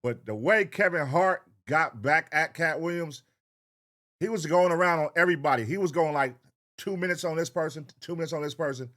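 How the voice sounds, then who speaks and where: A man with a somewhat high voice talks loosely through a reaction video. He riffs in slang, swears freely, and jumps in pitch when something riles him. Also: a little fast. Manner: profane, animated, slangy riffing. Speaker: reaction channel host. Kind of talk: casual reaction commentary.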